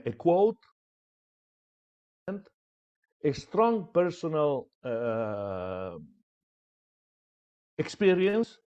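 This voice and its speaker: A man's voice: medium pitch, darkish tone. A man teaching public speaking in a training lecture, stressing points by repeating words. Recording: dull lo-fi sound.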